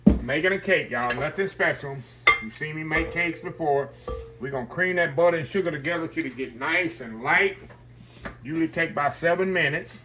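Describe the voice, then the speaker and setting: A man with a voice on the high side hosts a relaxed cooking demonstration from his kitchen, heard over heavy background noise. His folksy manner keeps viewers close as he keeps addressing them as y'all.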